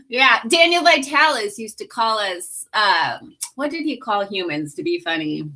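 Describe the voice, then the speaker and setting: A woman from California talking casually to camera in a vlog, candid and quick to laugh, often correcting herself as she goes. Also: medium pitch, animated, pushed and bright. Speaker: vlogger and podcast host.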